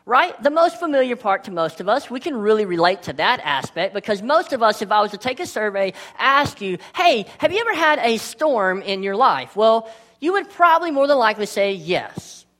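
A woman's voice: a little high, big pitch swings, moderate pace, fairly bright tone. A woman preaching a sermon to a congregation in a church, talking in a conversational way with playful asides. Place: church sanctuary.

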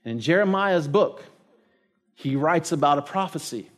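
Male pastor, middle-aged, slightly higher-pitched, lively storytelling sermon delivery. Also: normal speed. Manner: storytelling, animated, conversational preaching.

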